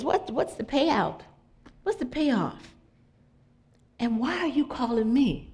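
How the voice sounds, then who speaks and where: A woman's voice: on the high side, unhurried. Woman preaching in a chatty style. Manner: conversational, animated storytelling. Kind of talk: informal sermon with anecdotes.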